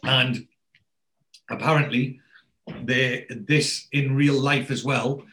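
A man in casual chat, retelling a TV episode and jumping into higher, louder voices for the characters he quotes. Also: steady tone, takes it slowly, slight background noise.

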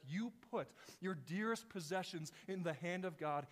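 A male pastor preaching a sermon with passion, firing rhetorical questions and swinging between hushed and loud. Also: on the high side, lively intonation, unhurried, hardly any pauses. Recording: long reverb in a large hall.

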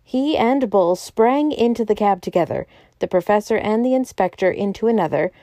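Woman audiobook narrator, measured, mellow, dry close read. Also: mid-range voice, animated, dry recording. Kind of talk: scripted narration.

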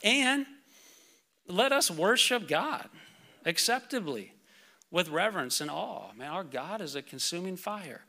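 A man preaching a sermon to his church, reading scripture and speaking casually with lots of fillers, getting excited and then calming down. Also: unhurried, vocal fry. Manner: excitable, casual fillers, builds to shouts then drops low. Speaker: pastor.

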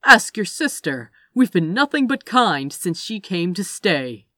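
A woman voicing a slippery male villain who talks in a smooth, persuasive, falsely friendly way. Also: deep voice, very animated, unhurried, no echo, full character voice.

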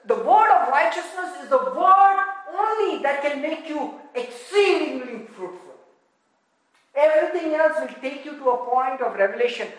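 A woman with an Indian accent preaching an impassioned sermon in a church, swinging from loud exclamations to hushed murmurs. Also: sits high, expressive, normal speed, very echoey, rough recording. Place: church in Texas.

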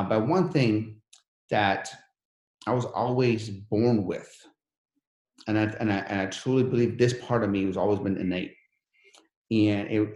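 A man's voice: on the low side, a little mellow, roomy sound. A man who came to the country as a refugee, telling his life story in an interview in an earnest, motivational way. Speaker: guest.

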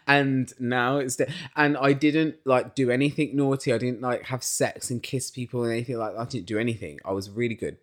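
A young man chatting through a recap on his podcast, blunt and opinionated. His pitch sits in a middle range but swings a lot, with playful acted-out quotes between his asides. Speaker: podcast host. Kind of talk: casual opinionated recap chat.

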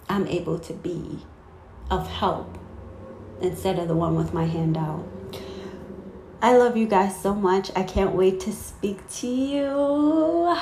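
Her fairly low voice carries a little hiss or hum, recorded in an echoey room. A warm-hearted faith vlogger, she rambles through a casual spiritual talk to viewers, breaking into her own sentences with fillers.

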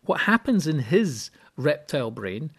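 A man's voice: fairly high pitch, unhurried, breathy edge. Man explaining on a solo podcast. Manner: explanatory, repeats words while thinking, animated when quoting people. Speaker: podcast host and seminar speaker.

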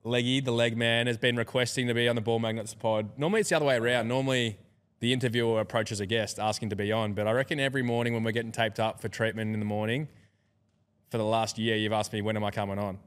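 Brief: young Aussie male host, rapid-fire, ribbing his guest in a podcast studio. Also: on the low side, flat delivery, smooth. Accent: Australian. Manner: teasing, quick banter. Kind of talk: casual interview chat.

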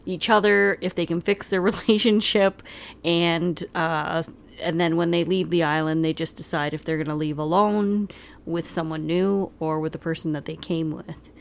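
A woman's voice: fairly low pitch, steady tone, moderate pace, gravelly. A woman co-hosting a casual podcast with her partner, teasing him and laughing often. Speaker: podcast co-host. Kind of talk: casual couple chat.

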